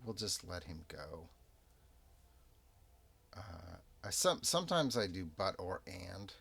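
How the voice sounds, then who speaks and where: Low gravelly man narrating a solo game. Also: slow pace. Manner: relaxed, rambling and self-amused. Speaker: game master and solo player. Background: soft background music.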